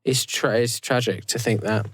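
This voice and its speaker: A man hosts a podcast in loose, chatty talk, stumbling over restarts as he goes. His voice sits at a middle pitch and the sound is dry and close. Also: steady tone, moderate pace, fairly bright tone, slightly rough, no room sound. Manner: rambling, loose, with many restarts. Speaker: podcast host. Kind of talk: casual chat.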